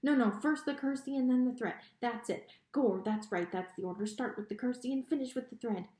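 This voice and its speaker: A woman's voice: on the high side, a little fast, warm tone, lightly acted. Mig, a woman doing a rustic, eager serving girl. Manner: rustic country speech. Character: simple, clumsy young serving girl. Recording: echoey room.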